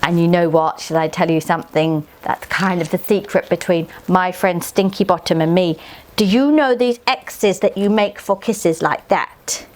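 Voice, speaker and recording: A woman's voice: fairly low pitch, normal speed, a little mellow, close to an everyday voice. A woman voicing a cheeky, chatty little girl fairy who talks bluntly and straight to the listener in a children's story.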